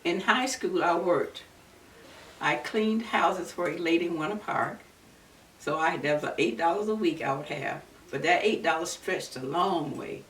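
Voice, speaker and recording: Older woman, low voice, roomy distant sound. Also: fairly bright tone. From Florida, USA. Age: 70s. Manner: earnest, unhurried storytelling with many restarts. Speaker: interviewee recalling civil rights activism. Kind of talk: oral history recollection. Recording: roomy, distant mic with faint background noise.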